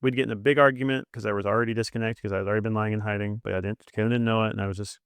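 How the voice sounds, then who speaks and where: Fast-talking earnest man, dry sound. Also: fairly low pitch, steady tone, clean tone, no room sound. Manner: earnest, quick, acts out quoted dialogue. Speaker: podcast co-host. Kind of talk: candid marriage advice chat.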